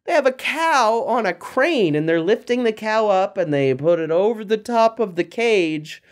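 Male kids' storyteller, animated, asks young listeners questions while retelling a story. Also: sits high, normal speed. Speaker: children's storyteller. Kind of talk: retelling a film story for kids.

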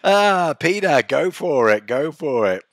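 Man, live stream host, playful teasing chat, animated voice, dry close mic. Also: on the high side, measured pace, no echo.

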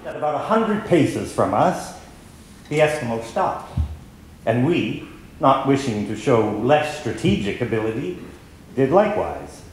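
Man, dramatic reading, very lively intonation, expressive, echoey hall, faint background hiss. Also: mid-range voice, unhurried. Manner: expressive, acts out the shouts. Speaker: reader of diary excerpts.

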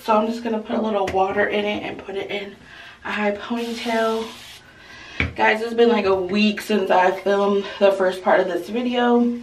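A woman's voice: mid-range voice, creaky, slightly rough. A woman beauty vlogger in casual vlog chat, talking to her viewers in a candid, confiding way.

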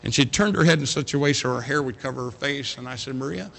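A man pastor telling a story in a sermon, swinging from loud to hushed. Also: mid-range voice, fast, vocal fry. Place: church sanctuary.

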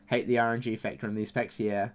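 A young man, a gaming YouTuber, speaks fast in a clean, medium-pitched, level voice with faint music behind. Casually commentating his game pack openings, he complains about bad luck in exasperated, repeated, mock-angry bursts.

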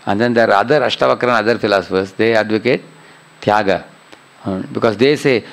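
Middle-aged man, lecturer; low, creaky, conversational teaching that keeps checking in with listeners. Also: quick pace, rough recording. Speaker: spiritual teacher. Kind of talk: scripture class lecture.

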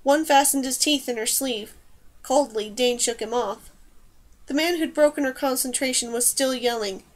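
A woman reading a novel aloud as an audiobook, with steady, even storytelling. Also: on the high side, moderate pace. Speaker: audiobook reader. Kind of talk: scripted narration.

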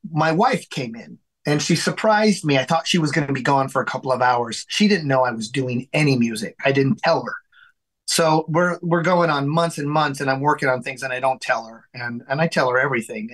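A man with a slightly high voice tells a long personal story from his home studio. He acts out what other people said with lively energy. He keeps restarting his sentences and repeating words. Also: low-quality recording. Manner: animated storyteller who acts out quoted dialogue. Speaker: guest, singer and songwriter. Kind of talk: storytelling interview.

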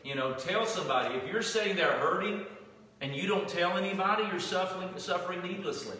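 A man's voice: high-pitched, a little fast, bright, forceful tone. A man with a Southern US accent preaching a sermon as pastor, folksy and conversational, often restarting his sentences. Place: church sanctuary. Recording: echoey hall from far off.

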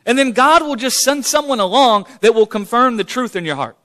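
A man's voice: very high-pitched, lively intonation, a little fast, sharp tone. A man leading an informal church question-and-answer session, speaking fervently and often repeating "man" and "Glory to God". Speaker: church leader hosting a Q&A.

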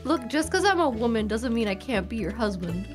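A woman's voice: very animated, music in the background. A woman guest on a game stream, chatting and joking casually with the host. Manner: joking, drawn-out, wildly swinging pitch.

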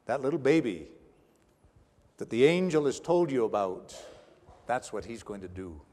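A male pastor preaching a sermon with dramatic swings between hushed and raised delivery. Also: mid-range voice, lively intonation, normal speed. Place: church sanctuary. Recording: long church reverb.

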